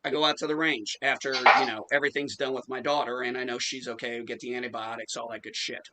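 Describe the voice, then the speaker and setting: Bright-voiced man telling a profane story. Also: mid-range voice, fast talker, a little hiss or hum, poor audio. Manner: profane, animated storyteller acting out quotes. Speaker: podcast host. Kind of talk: casual storytelling chat.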